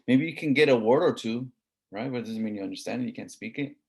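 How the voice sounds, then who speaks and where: A man's voice: mid-range voice, quick pace, vocal fry, darkish tone. A man with a Southern Californian accent giving a classroom lecture in a conversational way, often checking in with "right?". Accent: Southern Californian English.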